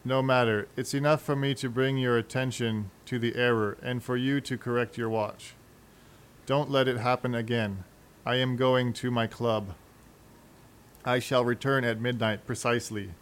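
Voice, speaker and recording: A man voicing a precise, cold English gentleman of about forty, with a clipped, exacting manner. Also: mid-range voice, fairly even intonation, normal speed, lightly acted. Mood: stiff, exacting.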